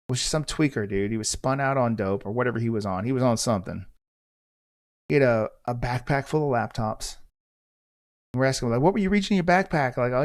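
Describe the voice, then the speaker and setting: Blunt, profane male podcast host. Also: medium pitch. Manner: blunt, profane, intense storytelling. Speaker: podcast host, former police officer. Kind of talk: storytelling monologue.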